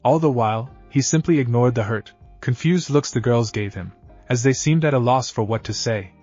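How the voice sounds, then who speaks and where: Male narrator, fan fiction reading, middle pitch, dull lo-fi sound, soft music. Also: normal speed.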